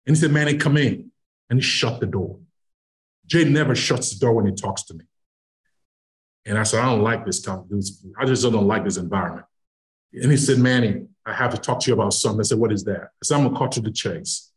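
A man's voice: lowish voice, a little fast. A middle-aged man from Nigeria, a podcast guest, telling a personal story and acting out the dialogue as he goes. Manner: animated storyteller who acts out quoted dialogue. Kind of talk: storytelling anecdote.

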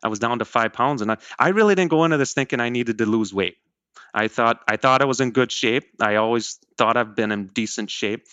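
Earnest, rambling man with a bright voice. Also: lowish voice, smooth, dry recording. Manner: rambling, self-correcting, earnest. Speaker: program member. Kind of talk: casual interview.

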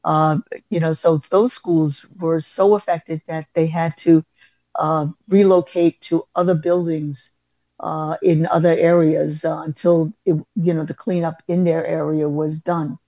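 A woman's voice: low-pitched, little pitch movement, unhurried, dark tone, dry recording, lo-fi sound. A woman school principal, telling a story in an interview with many fillers and restarts.

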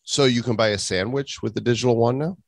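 A man's voice: mid-range voice, fast talker, vocal fry, dry recording. A man co-hosting a casual crypto podcast, jokey and riffing. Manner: jokey, riffing, slips into mock voices. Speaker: podcast co-host. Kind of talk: casual chat.

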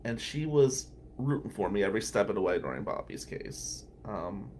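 A man's voice: lowish voice, lively intonation, moderate pace, a little mellow, slight background noise. A man from Atlantic City who is a criminal defense lawyer and podcast host, telling stories in a casual, rambling way and chuckling between remarks. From Atlantic City, New Jersey. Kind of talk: casual anecdotal storytelling.

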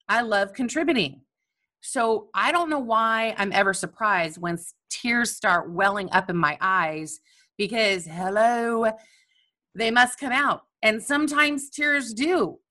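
A woman coach speaking in a candid, animated, self-mocking personal monologue about her own feelings. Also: medium pitch.

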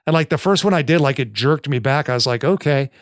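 A man's voice: medium pitch, expressive, fast, dry recording, studio quality. A man co-hosting a fitness podcast in casual, rambling chat full of fillers. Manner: chatty, rambling with many fillers. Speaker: podcast co-host.

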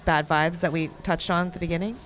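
A woman's voice: fairly low pitch, fairly even intonation, fast. A woman co-hosting a podcast, talking casually with a lot of filler words. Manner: chatty, lots of "like", laughs easily. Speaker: podcast co-host.

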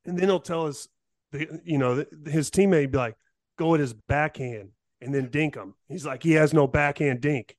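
A man guesting on a podcast, talking loosely and laid back with many pauses and fillers. His voice is mid-pitched, and the recording is dry. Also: no room sound. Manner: relaxed, rambling, halting with fillers. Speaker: podcast guest, former player. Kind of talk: casual interview chat.

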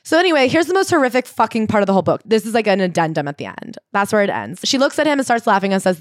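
A woman co-hosting a casual book podcast, retelling a story with animated acted-out quotes and frequent swearing. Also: medium pitch, very fast, hardly any pauses, no echo, studio quality. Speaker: podcast co-host. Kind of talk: casual book-recap chat.

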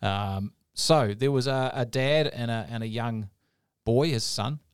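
A man's voice: medium pitch, measured pace, clear, resonant tone, no room sound, clean studio sound. A man co-hosting a podcast, telling a story in a rambling, casual way with many fillers. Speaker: podcast co-host.

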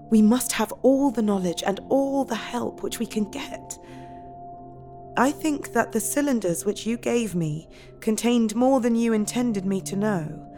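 A woman's voice: fairly high pitch, mellow. An actress playing a compassionate, resolute young Victorian wife who narrates her journal and pleads earnestly, in an audio drama. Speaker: narrator and character.

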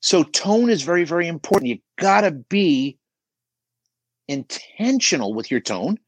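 A middle-aged man coaching on a podcast, emphatic and animated, asking rhetorical questions as he talks. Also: on the high side, a little slow, husky, dry recording. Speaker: auto shop business coach guest. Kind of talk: podcast conversation.

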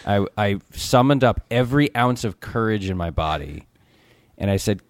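A middle-aged man with a notably low, deep voice tells a story in relaxed chat. He pokes fun at himself and trips over his words with frequent restarts. The sound is close and dry. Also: a little fast, no room sound. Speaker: podcast guest, TV producer. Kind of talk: casual storytelling.

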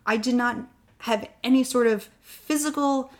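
A woman's voice: on the high side, measured pace. A woman in an interview, candidly telling a long personal story and getting choked up at times. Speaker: guest sharing her fertility story.

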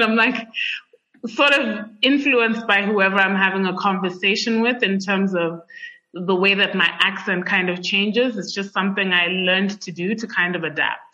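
Young woman from zimbabwe, podcast guest, chatty and animated, bright voice, lo-fi dull audio. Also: medium pitch, normal speed. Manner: chatty, many fillers, animated. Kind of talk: conversational interview. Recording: dull lo-fi sound.

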